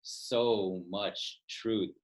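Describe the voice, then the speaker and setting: Upbeat low-voiced podcast host man. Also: fairly even intonation, very slow. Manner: enthusiastic, affirming, playful. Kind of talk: casual interview chat.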